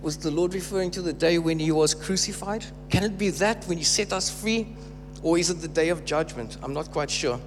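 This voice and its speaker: A man's voice: fairly high pitch, a little fast. A man preaching a sermon, emphatic and repeating phrases for stress. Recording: reverberant hall with faint hum.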